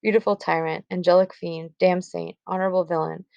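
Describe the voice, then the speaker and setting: A woman's voice: on the low side, steady tone, fairly quick, gravelly, darkish tone, no room sound, highs cut off. A woman reading the lines of a distraught, torn young bride from a classic stage play, in a plain reading voice. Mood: anguished. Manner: read aloud plainly from the script. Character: young teenage girl, newly wed, distraught and torn.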